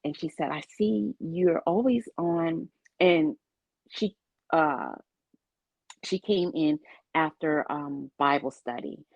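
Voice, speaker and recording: Interview guest, woman, low-pitched and unhurried, earnest testimony; dry, slightly muffled audio. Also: gravelly, dry recording. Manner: earnest, faith-filled storytelling with quoted dialogue.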